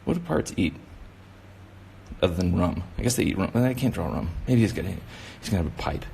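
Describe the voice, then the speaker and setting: A man with a low, gravelly, warm voice speaks fairly quickly and animatedly, with a little hiss or hum in the recording. He's a kids' drawing instructor giving a casual demonstration, rambling, encouraging, and heavy on "you know" fillers.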